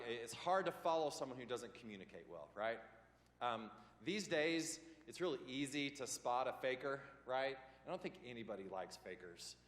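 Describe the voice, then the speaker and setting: A man of ordinary pitch teaches a church leadership class, talking loosely with plenty of ums and restarts. His voice rings out in a roomy hall with a long reverb tail. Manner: rambling, many ums and self-corrections. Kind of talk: casual teaching talk. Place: church meeting room.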